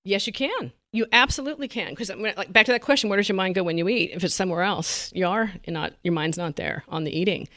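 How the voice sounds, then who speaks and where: A woman's voice: medium pitch, fast, few pauses, fairly bright tone, no room sound, studio quality. A woman dietitian talking animatedly in an interview, laughing often and acting out what her patients say. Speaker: dietitian guest. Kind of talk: conversational interview.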